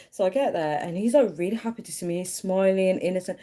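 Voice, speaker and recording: A young woman telling a story casually on a livestream, chatty and animated. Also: medium pitch, normal speed. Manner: chatty, animated, acts out quoted voices. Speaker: live streamer.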